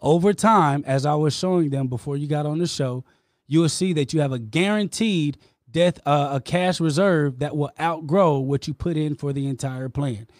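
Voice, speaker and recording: A man's voice: a little high, darkish tone, dry recording, studio quality. A man hosting a podcast, debating insurance with passion and insisting on his point. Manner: passionate, insistent, explaining rapidly. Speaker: podcast host, insurance promoter. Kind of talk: heated debate.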